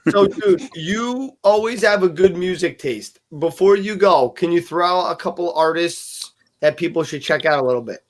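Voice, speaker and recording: A man hosting an interview show, casual and teasing, throwing out jokes and quick banter. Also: high-pitched, slight background noise. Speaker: show host.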